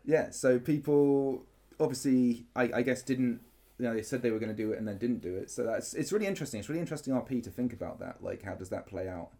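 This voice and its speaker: A man in easy podcast conversation, his voice sitting at an ordinary middle pitch. He rambles and restarts as he retells events, and his enthusiasm keeps spilling into laughter. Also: quick pace, dark tone. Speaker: podcast co-host recounting a larp event. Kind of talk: casual chat.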